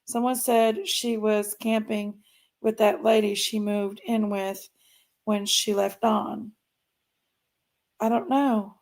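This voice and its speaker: A woman's voice: mid-range voice, fairly even intonation, slow pace, creaky, long pauses, darkish tone. A woman, hosting a casual true crime talk stream and chatting straight to her viewers, often trailing off and repeating herself. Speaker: true crime channel host. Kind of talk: casual livestream commentary.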